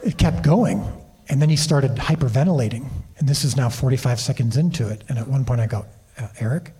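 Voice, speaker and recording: Mellow husky man telling stories. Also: medium pitch, a little fast. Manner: animated anecdotes with frequent restarts. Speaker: TV series creator and director, interview guest. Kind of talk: storytelling interview on a convention stage. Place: convention stage.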